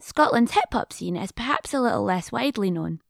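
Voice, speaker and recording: A woman hosting and narrating a documentary in a measured, informative way. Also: a little high, lively intonation, vocal fry, no room sound. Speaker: documentary host. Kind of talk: scripted narration.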